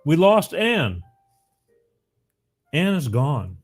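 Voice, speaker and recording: A man's voice: medium pitch, expressive, moderate pace, darkish tone, soft background music. A man hosting a live call-in show, talking casually and rambling, often repeating the phone number.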